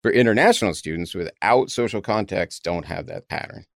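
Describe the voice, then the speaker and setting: A man's voice: low-pitched, a little fast, creaky, no room sound, studio quality. A man co-hosting a casual podcast, reading out article points and adding wry jokes; he is from Texas. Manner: wry, lively, mixes reading quotes with joking asides. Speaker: podcast co-host. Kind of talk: casual chat reading and discussing links.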